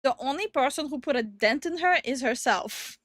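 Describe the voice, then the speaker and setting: A young woman with a high, bright voice chats through a reaction stream, giggling often and talking in animated bursts. The sound is close and dry, with no room around it. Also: dry recording. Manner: giggly, animated, quick to laugh. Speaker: VTuber co-host. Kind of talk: casual reaction commentary.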